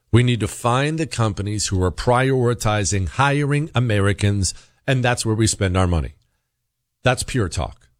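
A man's voice: lowish voice, no echo, studio quality. A man hosting a talk radio show, delivering an emphatic opinion monologue full of rhetorical questions.

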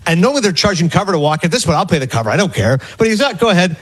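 Male radio co-host, high husky voice, rapid rambling anecdotes. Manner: rambling, animated storyteller acting out quotes. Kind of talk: casual storytelling chat.

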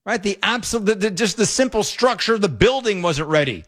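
A middle-aged man hosting an opinionated talk show, animated and exasperated, often stumbling and repeating words. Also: high voice, fairly quick. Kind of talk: opinionated talk radio commentary.

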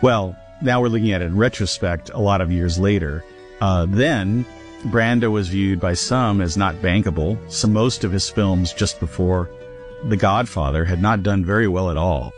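A male author as interview guest, explaining film history in a measured, explanatory way. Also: low-pitched, music in the background. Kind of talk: interview storytelling.

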